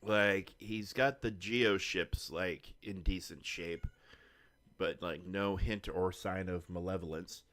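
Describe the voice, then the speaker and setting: A man with a low voice talks on a live game stream. He chats casually and rambles from one topic to the next. Now and then he drops a curse word without thinking. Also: steady tone, takes it slowly, fairly bright tone. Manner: rambling, chatty, swears casually. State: hiccups. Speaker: gaming streamer.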